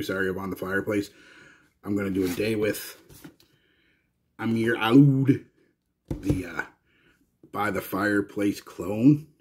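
A man's voice: lowish voice, a little mellow, a little hiss or hum. A Canadian man chatting to viewers in a casual, rambling fragrance review. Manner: rambling and chatty, with frequent restarts.

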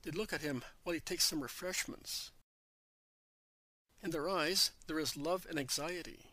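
Bright-voiced male religious narrator. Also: on the high side, normal speed, no echo, poor audio.

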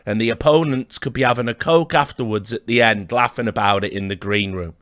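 A man's voice: medium pitch, a little fast, fairly bright tone, dry recording. A man hosting a livestream, mocking and rambling in a dry, sardonic way with chuckles. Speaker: livestream host.

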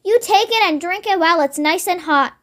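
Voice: very high-pitched, brisk, sharp tone. A child reading aloud and voicing a sly, gleeful father who grins at the trouble. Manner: sly, pleased.

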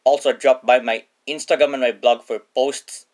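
A man's voice: mid-range voice, steady tone, normal speed. A man hosting a casual toy car review, upbeat and prone to correcting himself mid-sentence. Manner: enthusiastic, repeats "or should I say" self-corrections.

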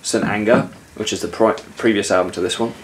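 A man's voice: on the low side, brisk, slight background noise. A man co-hosting a casual chat vlog, talking with frequent fillers and restarts. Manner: hesitant, many fillers and restarts. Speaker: vlog co-host.

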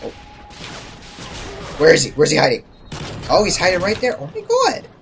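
A young man giving casual, jokey gameplay commentary who yelps and shouts when something startles him. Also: high-pitched, huge pitch swings, moderate pace, faint music behind. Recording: loud game gunfire behind voice. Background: gunfire and explosions from the game.

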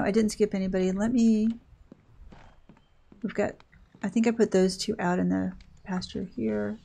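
A woman's voice: fairly low pitch, creaky, a little mellow. An older woman chatting casually as she plays a game on her channel, rambling and breaking off mid-sentence. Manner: chatty, rambling, self-interrupting. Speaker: gaming channel host. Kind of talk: casual gameplay commentary.

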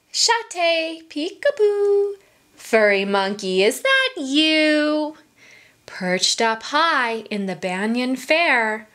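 Slow, lively woman reading a picture book. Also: fairly high pitch. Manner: sing-song, with whispered asides to the children; asks the listening children questions. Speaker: children's story time reader. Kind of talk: reading a picture book aloud to young children.

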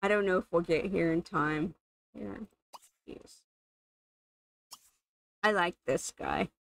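Woman gamer, unhurried chatty play-by-play, some vocal fry. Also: lowish voice, dry recording, poor audio. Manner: chatty, amused, thinking aloud while playing. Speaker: gaming channel host. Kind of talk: casual gameplay commentary.

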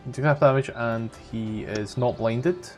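A man's voice: medium pitch, unhurried, soft background music. A man chatting casually as a tabletop game player, swearing and thinking aloud about the rules.

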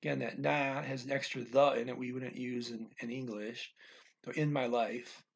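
A man teaching a language in a casual, thinking-aloud way, reading phrases slowly and restarting often. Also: medium pitch, fairly even intonation, creaky, slightly rough. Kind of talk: casual explanatory lesson.

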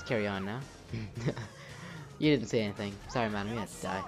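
Excitable young man narrating his gameplay. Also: lowish voice, a little fast. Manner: excitable, swears at the game, narrates his own moves. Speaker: gameplay commentator. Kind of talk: casual let's-play commentary. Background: game music.

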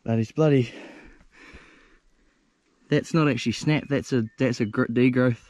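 A young man with a New Zealand accent filming himself on a steep hillside outdoors, talking bluntly and excitably, with plenty of swearing, into a handheld action camera. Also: mid-range voice, measured pace, dry recording. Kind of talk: casual self-filmed commentary.

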